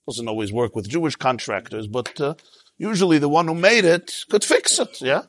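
A man's voice: a little high, moderate pace, no room sound. A man teaching a Torah class in a conversational way, with jokes and asides, and his voice jumps up when he stresses a point.

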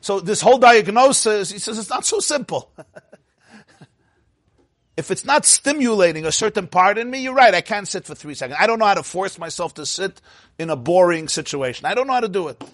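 Husky-voiced man teaching a lively class. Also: sits high, brisk, dry recording, studio quality. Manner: chatty, digressive, laughs often, quizzes listeners. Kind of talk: informal Torah class lecture.

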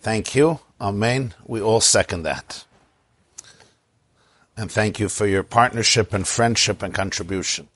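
A rabbi giving a Torah class in an unhurried storytelling manner, with pauses and fillers. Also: male voice, fairly low pitch, a bit bright. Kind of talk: storytelling lecture.

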